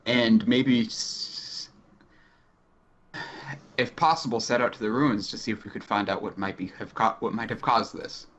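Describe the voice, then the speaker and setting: A man's voice: mid-range voice, fairly bright tone. A man playing a tabletop game, thinking aloud in a hesitant, casual way. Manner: thoughtful, hesitant. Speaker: player. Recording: slightly dull lo-fi recording.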